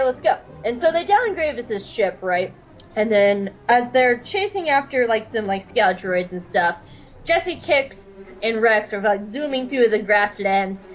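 A woman's voice: fairly high pitch, lo-fi sound. A woman giving a rambling, giggly comic recap, swearing freely and acting out characters' lines as she goes. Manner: rambling, giggly, profane storytelling. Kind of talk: comedic recap with quoted character voices.

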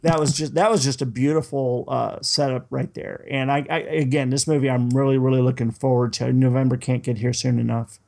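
A man's voice: medium pitch, level tone, a little fast, vocal fry, hardly any pauses, darkish tone. A man from Minnesota and the Boston area, co-hosting a podcast in casual, rambling chat with frequent restarts. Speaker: podcast co-host.

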